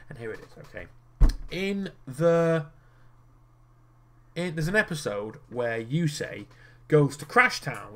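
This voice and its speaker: A young man rambling in casual commentary while he plays a card game, swearing freely and restarting his sentences as he gets worked up. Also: fairly high pitch. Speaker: gaming video creator.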